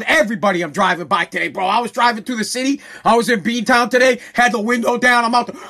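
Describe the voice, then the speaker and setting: A man hosting a podcast, ranting angrily, yelling and swearing, hammering on his points with repeated phrases. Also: extremely high pitch, fast talker. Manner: yelling, profane, aggressive; repetitive, emphatic phrasing. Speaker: podcast host. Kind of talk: angry podcast rant.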